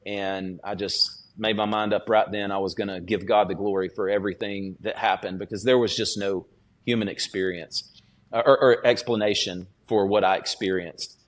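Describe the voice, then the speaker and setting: Low-voiced man telling his testimony. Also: steady tone. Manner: earnest, halting storytelling with frequent "uh" restarts. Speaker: student pastor, podcast guest. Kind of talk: personal testimony in a podcast interview.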